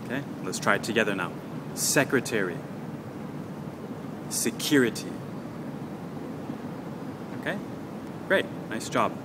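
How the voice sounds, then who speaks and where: Patient low-voiced man teaching pronunciation. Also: very animated, background noise. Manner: patient, repeats words slowly for learners. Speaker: English teacher and podcast host. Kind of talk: English pronunciation lesson.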